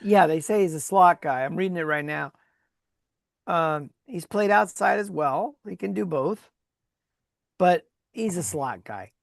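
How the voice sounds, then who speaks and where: Woman co-host, gravelly low-ish voice, lively storyteller, dry close sound. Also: a little slow, no room sound. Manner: lively storyteller who laughs often. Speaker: podcast co-host and former sports agent. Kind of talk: casual sports chat.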